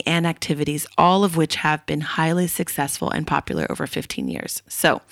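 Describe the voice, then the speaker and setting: A woman's voice: lowish voice, vocal fry, no room sound, studio quality. A woman hosting a podcast, reading an ad and chatting in an upbeat way with frequent laughs. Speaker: podcast host. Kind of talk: casual podcast chat and read ad. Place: Australia.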